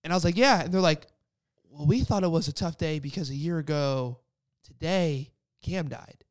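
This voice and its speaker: A man's voice: on the high side, moderate pace, dry recording, studio quality. A young man casually telling a personal faith story, rambling with lots of "like" fillers. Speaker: guest sharing a faith story. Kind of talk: casual testimony chat.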